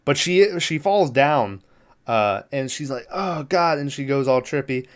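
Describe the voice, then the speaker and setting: A man at an ordinary pitch talks through a film scene by scene, casual and unpolished. He rambles, circles back on himself and swears freely, like a podcast host chatting with friends. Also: lively intonation, unhurried. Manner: rambling, filler-heavy, profane, laughs at the film. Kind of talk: casual movie recap.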